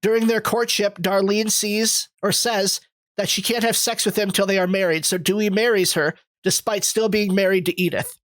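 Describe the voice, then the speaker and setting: A podcast co-host reads out a film's plot summary at a steady, measured pace. The delivery stays in a middle register. The sound is close and dry. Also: mid-range voice, no echo, low-quality recording. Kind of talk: reading a plot summary, then casual discussion.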